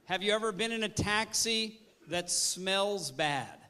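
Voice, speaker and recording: A male trainer with a high, bright, ringing voice leads a seminar with energy. He keeps putting questions to the listeners and has them answer back. His delivery stays lively and engaging. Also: a little slow, clean tone. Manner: energetic, quizzes the audience. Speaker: service trainer. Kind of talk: interactive seminar talk.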